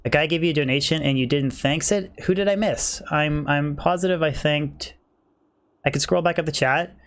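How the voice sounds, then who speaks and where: A man's voice: fairly high pitch, normal speed, fairly bright tone. Man streaming games, chatting to viewers. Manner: keeps voice down, wife asleep; chatty, rambling, reads and answers chat. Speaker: game streamer. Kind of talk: casual livestream chat while playing.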